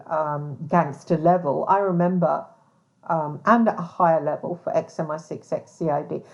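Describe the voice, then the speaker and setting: A woman hosting a podcast, talking bluntly in a casual monologue, with lots of swearing, "um"s and restarts. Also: on the low side. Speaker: podcast host, private investigator. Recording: dull lo-fi sound.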